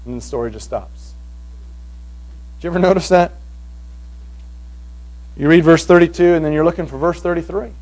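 A man preaching a sermon to a congregation, swinging from hushed passages to loud, emphatic ones. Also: on the high side, normal speed, long pauses, poor audio. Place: evening meeting before a congregation.

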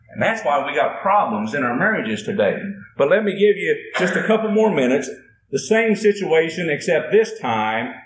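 A man preaches in a fairly high voice, spinning a homespun tale and playing both spouses. The sound carries an echo off the walls of a church, with a faint hum of ambience underneath. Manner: homespun, drawling storyteller acting out both spouses. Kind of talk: folksy sermon storytelling. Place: church building.

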